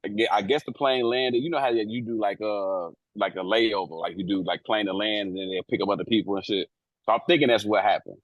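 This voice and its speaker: A man with a lowish voice tells a story from his work at an airport in loose, profane slang, jumping into the voices of the people involved. His delivery is animated and unfiltered, and the sound is close and dry with no room echo. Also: brisk, lo-fi sound. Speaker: airport police officer and co-host. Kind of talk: casual storytelling.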